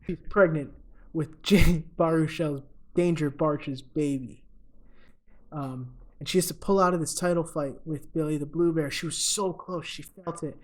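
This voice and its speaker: A young man co-hosts a podcast, his voice on the high side, steady in tone and a little slow. He casually retells a movie's plot for comedic effect, filling it with ums and uhs and chuckling at his own jokes.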